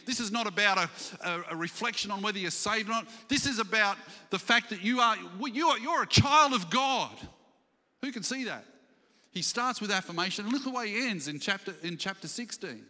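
High, bright-voiced pastor preaching in a hall. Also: male voice, a little fast. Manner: animated, acts out scripture stories, asks the congregation questions. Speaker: senior pastor. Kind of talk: sermon. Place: church hall. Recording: church livestream with long hall reverb.

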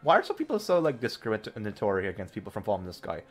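A young man giving excitable let's-play commentary, laughing often and breaking into loud outbursts as he plays. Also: lowish voice, racing, soft background music. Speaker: gaming video creator.

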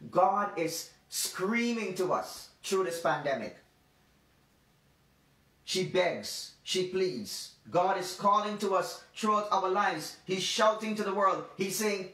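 A man with a high voice preaches a devotional sermon, leaning hard on key words and repeating them for emphasis. He sits back from the mic, and the room rings around his voice. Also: sharp tone. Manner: emphatic, repetitive preaching with slow stressed phrases. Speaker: pastor. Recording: roomy sound from a distant mic.

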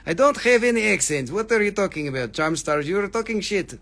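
A man's voice: high voice, lively intonation, moderate pace, fairly bright tone. A man putting on a playful mock accent, joking and teasing as he sells.

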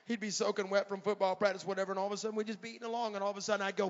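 Middle-aged man, evangelist, fiery revival sermon, shouting, high voice, bright sharp tone, long church hall reverb, dull lo-fi sound. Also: fairly even intonation, racing, hardly any pauses, a little hiss or hum. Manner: fiery, shouts and counts down praise. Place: large church sanctuary at a conference.

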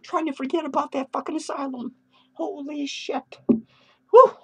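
A man playing an unhinged, foul-mouthed clown who rants in a high, shrill voice with cackling laughs, tipsy and hyper, in a comedic character vlog. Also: fairly even intonation, measured pace, bright, forceful tone, exaggerated voice. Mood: manic ranting. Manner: crude swearing rants, giddy and drifting. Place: home studio.

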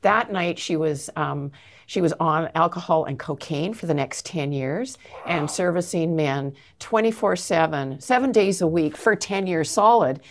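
A woman's voice: low voice, lively intonation, measured pace. A middle-aged woman from Canada, an advocate answering interview questions with earnest, emphatic storytelling. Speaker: anti-trafficking advocate, guest.

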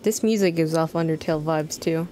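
A woman's voice: low voice, a little fast, mellow, a little hiss or hum. An American woman rambling and swearing casually as she streams a game and answers her chat. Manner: rambling, chatty, swears freely, reads chat aloud. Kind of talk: casual live-stream commentary.

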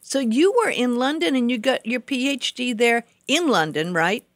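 A woman's voice: a little high, expressive, normal speed, no room sound. An American woman hosting a talk show, effusive and full of exclamations as she interviews her guest. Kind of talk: casual interview.

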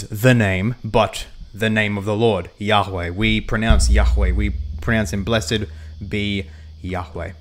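Chatty man streaming a game. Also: fairly low pitch. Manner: chatty, greets chat viewers by name; laughs lightly mid-sentence. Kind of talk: live game stream commentary.

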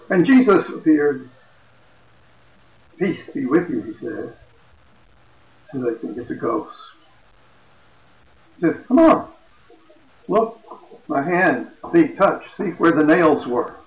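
A man's voice: fairly high pitch, lo-fi sound. Man retelling a story in an echoey room. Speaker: Bible teacher.

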